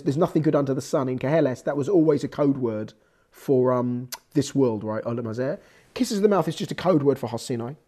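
A man with a croaky voice teaching a scripture class, swinging from low explanation to loud exhortation. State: hoarse, croaky voice. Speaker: Torah teacher. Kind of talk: lecturing on scripture.

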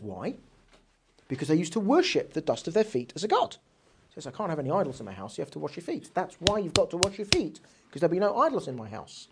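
A woman teaching a religious text lesson, reading passages aloud and posing rhetorical questions in an animated way. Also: on the low side, husky. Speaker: Torah teacher.

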